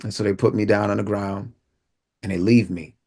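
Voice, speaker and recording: A man giving an inspirational talk, telling a personal story vividly and acting out what people said in street slang. He drops low and quiet at solemn moments. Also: level tone, normal speed, slightly rough. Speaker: inspirational speaker.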